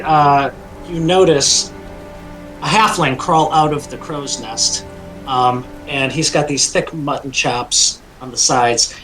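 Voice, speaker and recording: A man narrating a tabletop game as dungeon master, in a relaxed, loose way with many fillers. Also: a little high, low-quality recording.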